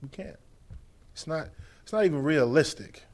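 Man, a bit high-voiced, talk show guest, playful and chatty. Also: normal speed. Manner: animated, teasing, playful. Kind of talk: casual relationship chat.

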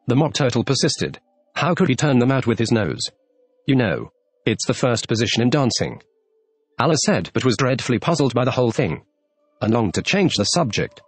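Male storybook narrator, husky, animated delivery, dry sound with soft music under it. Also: mid-range voice, moderate pace, dry recording. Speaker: audiobook narrator. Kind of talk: scripted narration.

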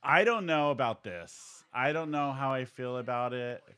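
A man in his forties hosting a casual podcast, animated and quick to laugh and swear. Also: mid-range voice, clear, resonant tone, dry recording. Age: 40s. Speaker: podcast host. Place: San Diego area.

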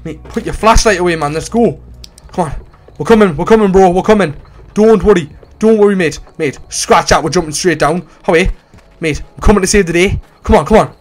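A man doing casual let's play commentary on a horror game, excitable and bursting into shouts. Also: high voice, fairly quick. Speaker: gaming YouTuber.

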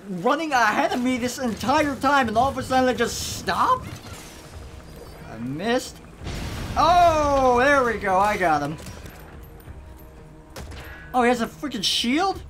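A let's play gamer giving excitable commentary, swearing and yelling at the game. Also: medium pitch. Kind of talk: gameplay commentary.

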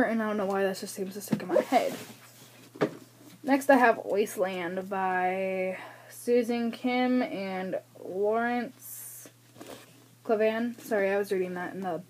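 A woman's voice: mid-range voice, a little mellow, slight background noise. A young woman from the United States rambling through a book haul vlog, chatty and self-deprecating, a little out of breath, recorded on a camera's built-in mic. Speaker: book vlogger.

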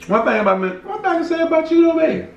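A man with a Southern US accent, chatting casually and playfully on a couple's eating show, telling stories with loud bursts. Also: very high-pitched, fast talker, gravelly, far from the mic, highs cut off. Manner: animated storyteller, playful, rising to loud bursts. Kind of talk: casual chat while eating. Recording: roomy sound from a mic set back, faint noise.

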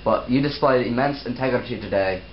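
A man's voice: mid-range voice, brisk, natural voice. A young man playing an earnest company boss who thanks an employee, stumbling over his lines, recorded in an echoey, noisy, lo-fi room. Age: young adult. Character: grateful male company boss, earnest and fumbling. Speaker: student actor. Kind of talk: amateur class-project acting with outtakes.

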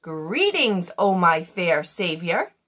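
A woman's voice: fairly low pitch, big pitch swings, slow pace, fairly bright tone, voice pushed down, full character voice. Karim, a woman voicing a weepy little genie. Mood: dramatic lament. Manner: grandiose, sobbing laments. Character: small weepy male blue genie, theatrical.

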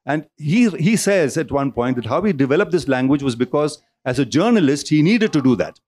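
A man's voice: mid-range voice, darkish tone. A man giving a public lecture in a hall, discursive, often restarting and repeating words as he goes. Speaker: speaker at a cultural centre talk.

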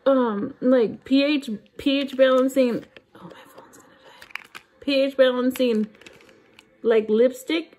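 A woman vlogging about her shopping finds, chatting casually to camera and gushing with excitement over each item. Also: high voice.

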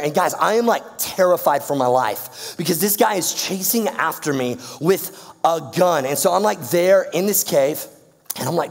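A man's voice: fairly high pitch, gravelly, long reverb tail. A young man from Georgia, telling a slangy, playful story to a youth audience. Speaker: youth speaker.

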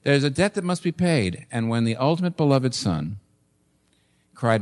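A man's voice: medium pitch, animated, a little slow, pauses often. A man in his sixties preaching a sermon in church, earnest and building to emphatic, repeated points. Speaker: pastor.

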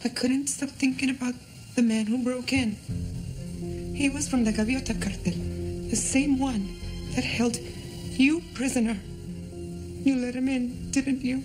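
A woman's voice: high voice, steady tone, a little slow, long pauses. An actress playing an earnest, probing woman in a TV drama, with a music score behind her. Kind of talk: TV drama acting.

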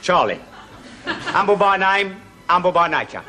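An actor playing a boastful, nosy busybody in a TV sketch comedy. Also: male voice, high voice, big pitch swings, measured pace. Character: cocky working-class male busybody, self-praising.

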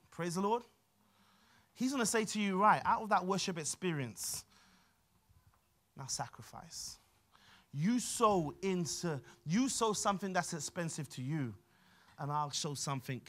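A man preaching a sermon with a London accent, emphatic and repetitive, often dropping to quieter asides. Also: high-pitched. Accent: London English. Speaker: pastor.

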